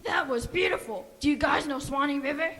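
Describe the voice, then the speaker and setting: A woman's voice: high voice, fairly quick, long reverb tail, over loud music, lightly acted. A woman voicing a goofy, easily sidetracked male jungle bear in a church Christmas puppet skit, rambling and jokey. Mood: playful. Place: church sanctuary.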